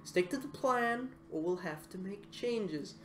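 A woman's voice: mid-range voice, animated, a little slow, faint music behind, lightly acted. A woman voicing a scornful female henchwoman with a put-on Brooklyn accent, reading game lines aloud. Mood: scolding. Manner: scornful, scolding. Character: mocking female henchwoman scolding a rival. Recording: echoey room, faint noise.

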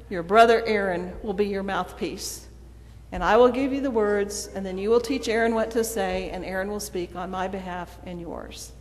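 Woman preaching in a reverberant church. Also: a little high. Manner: storytelling, voices quoted dialogue. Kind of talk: sermon. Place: church sanctuary.

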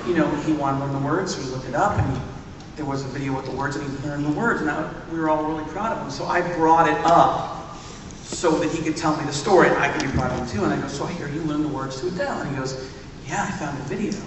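A man's voice: on the high side, quick pace, noisy background. A man co-hosting a live convention panel, telling anecdotes and acting out what people said. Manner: animated anecdote-telling, acts out quotes. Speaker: podcast co-host on stage. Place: large convention hall stage. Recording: echoey hall recorded from far off.

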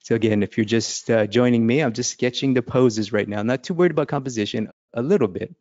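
A man's voice: medium pitch, fast, a little mellow, no room sound, dull audio. A man teaching a casual drawing lesson. He talks and laughs as he thinks aloud while sketching. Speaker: art instructor.

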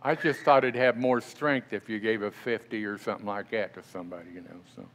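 Preaching briskly in a church sanctuary, a middle-aged man uses a fairly low, fairly bright voice with fairly even intonation. The pastor keeps a conversational tone and often asks the congregation questions.

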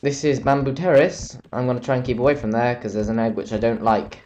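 A man's voice: medium pitch, steady tone, fast, darkish tone, a little hiss or hum. Tired young man rambling over gameplay. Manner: rambling, chatty, self-mocking. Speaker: let's play commentator. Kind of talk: casual gameplay commentary.

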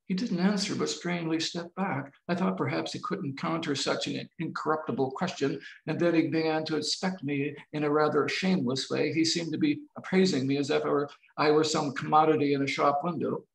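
A novelist reading his novel aloud in a measured, expressive way over a video call. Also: on the high side, vocal fry. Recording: roomy video-call audio.

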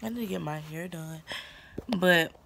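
A woman's voice: lowish voice, a little slow, vocal fry, fairly bright tone, a little hiss or hum. Chatty teenage girl from Atlanta. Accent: Southern US, Atlanta. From Atlanta, Georgia. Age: teens. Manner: chatty, informal slang, says "y'all" a lot. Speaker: vlogger. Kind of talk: casual vlog chat. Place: at home indoors. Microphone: phone camera held close.

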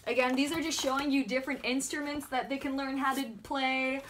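A young woman, a mom, chatting in a bubbly, excited way while unboxing for a vlog at home and talking to her toddler. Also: sits high, fairly quick. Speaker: mom vlogger. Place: home room with backdrop. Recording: noisy home recording.

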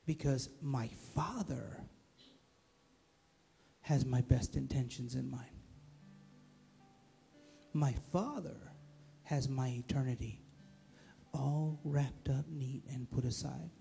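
Man, preacher, live church sermon, fairly high voice, gravelly, emphatic repetition. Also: mellow. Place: church service.

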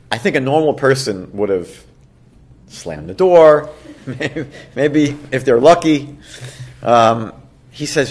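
Man, rabbi teaching a class, storytelling, animated character voices, earnest, middle pitch. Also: a little slow, pauses often, slightly rough. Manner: acts out the characters with raised, excited voices. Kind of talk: storytelling lecture.

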